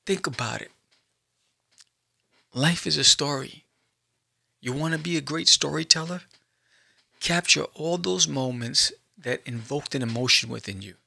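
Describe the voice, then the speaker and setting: A man hosting a podcast, giving an animated motivational talk straight to the listener and acting out little scenes. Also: a little high, measured pace, vocal fry, long pauses, husky. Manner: animated, addresses listener directly, acts out scenes. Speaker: podcast host. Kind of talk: motivational monologue.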